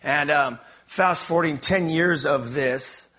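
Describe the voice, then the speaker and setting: A man's voice: a little high, slow pace, pushed and bright. Candid man from Los Angeles telling his story. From Los Angeles, USA. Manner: rambling and candid, many fillers and restarts. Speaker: speaker giving testimony. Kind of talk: personal testimony to an audience.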